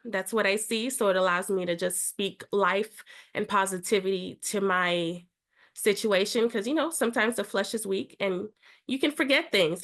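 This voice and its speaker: A woman's voice: mid-range voice, fairly bright tone. A young woman talking in an earnest, motivational way in a casual chat. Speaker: reality show contestant.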